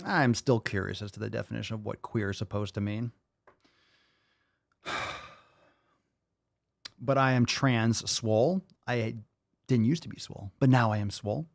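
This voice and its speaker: A man's voice: fairly low pitch, moderate pace, gravelly, pauses often, no room sound, studio quality. Profane, exasperated podcast host man. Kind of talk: casual ranting commentary.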